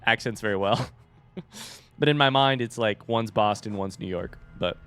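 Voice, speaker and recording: A man from the US East Coast with an East Coast accent, giving live commentary while playing a game and thinking out loud as he goes. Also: on the low side, normal speed, clean tone. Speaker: streamer.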